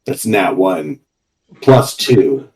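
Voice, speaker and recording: A man playing a tabletop game, describing his moves casually and joking, with some halting restarts. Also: low-pitched, low-quality recording. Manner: relaxed, joking, slightly halting. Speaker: player.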